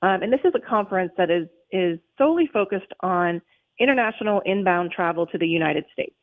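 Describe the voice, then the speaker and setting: A woman's voice: on the low side, lively intonation, brisk. A woman guest on a radio show, chatting casually with lots of fillers about her city's tourism. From New Orleans. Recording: tinny phone-line radio sound.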